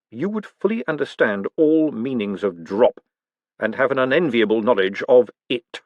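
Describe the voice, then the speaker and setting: An icy, measured aristocrat who drops each word with calm menace, as a male narrator puts him on. The voice moves with a lively rise and fall. It sounds close and dry. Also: medium pitch, dry recording. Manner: slow, measured, precise and icy.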